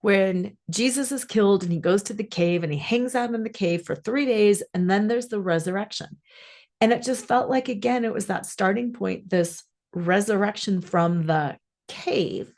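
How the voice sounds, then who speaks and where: A woman's voice: mid-range voice, normal speed, darkish tone. A woman life coach and podcast host telling a personal story in an earnest, musing way, stretching some phrases.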